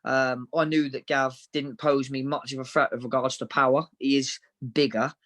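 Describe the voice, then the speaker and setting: A man recounts his fights in a relaxed, frank interview. His voice sits at an ordinary middle pitch. He talks matter-of-factly and in anecdotes. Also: normal speed. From Devon, England. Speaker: professional boxer, interview guest. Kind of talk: casual interview storytelling.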